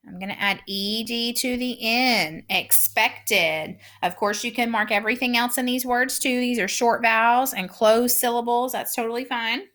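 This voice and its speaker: A woman teaching a phonics lesson, patiently sounding out words slowly and clearly. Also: a little high, a bit bright. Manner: patient, encouraging.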